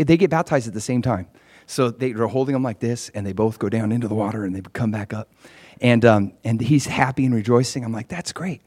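A man casually recounting a ministry trip, growing animated and loud as the story builds. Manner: animated, gets loud and high when excited; frequent fillers and restarts. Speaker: traveling minister.

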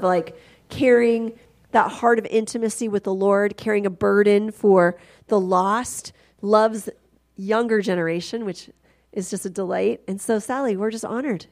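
A woman's voice: mid-range voice, fairly even intonation, moderate pace, darkish tone. A woman hosting at church, introducing a guest speaker in an effusive, enthusiastic way. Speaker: church host.

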